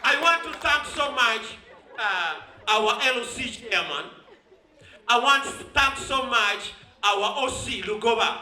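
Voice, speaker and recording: Ugandan man, high-pitched, laughing and exuberant at a ceremony speech, roomy echo. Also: expressive, slow pace, pushed and bright. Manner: exuberant, laughing often, mixing in Swahili. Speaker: sports champion giving a thank-you speech.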